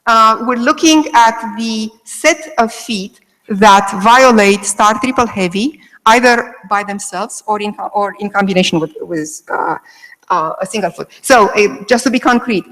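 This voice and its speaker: A woman's voice: mid-range voice, measured pace, a bit bright, big-room sound, poor audio. A woman giving an academic lecture, explaining step by step and checking in with frequent "okay"s. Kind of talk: academic lecture on Greek meter. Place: lecture delivered to a remote audience.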